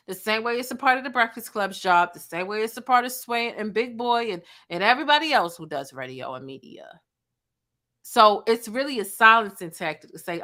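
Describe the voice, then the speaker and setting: Woman commentator, bright voice, sassy slangy delivery, gossip breakdown. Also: fairly high pitch. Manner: sassy, slangy, mimics people she quotes. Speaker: blogger and commentator. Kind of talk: commentary vlog.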